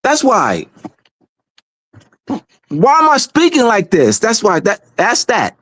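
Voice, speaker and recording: A man's voice: high voice, huge pitch swings, slow, fairly bright tone. A man speaking on a community livestream in a casual, emphatic way, repeating phrases for stress.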